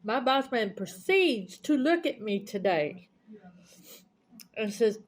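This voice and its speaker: A woman with a Southern US accent tells a story in a casual vlog chat, her voice sitting a touch high. She is blunt and indignant as she quotes what each person said. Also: expressive, slow pace. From United States. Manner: blunt, indignant, retells arguments with quoted dialogue. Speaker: mukbang vlogger.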